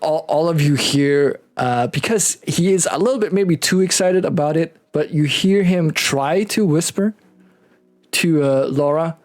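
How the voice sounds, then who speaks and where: A man's voice: on the high side, measured pace. A man narrating as game master, speaking loosely and casually.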